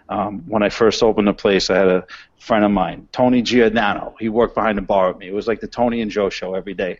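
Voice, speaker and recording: A man's voice: fairly low pitch, steady tone, fast talker. A man from New York with a New York accent, a restaurant owner talking bluntly and rambling with many restarts in an interview. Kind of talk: casual interview talk. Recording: dull, muffled sound.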